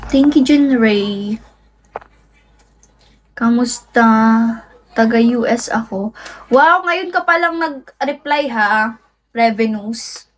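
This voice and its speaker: High-voiced, unhurried Filipino young woman. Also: a little hiss or hum. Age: young adult.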